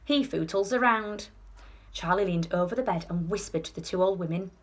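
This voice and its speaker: A woman teacher reading a children's storybook aloud. Her narration is expressive and paced for young listeners. She builds the action as the story speeds up. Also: fairly low pitch, fast, husky. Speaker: primary school teacher.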